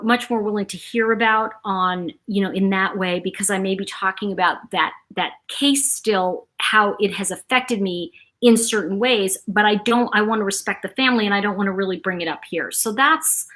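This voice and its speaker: A woman's voice: medium pitch, a bit bright. A middle-aged woman hosting a casual livestream, talking in a rambling, chatty way and greeting viewers by name. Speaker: livestream host.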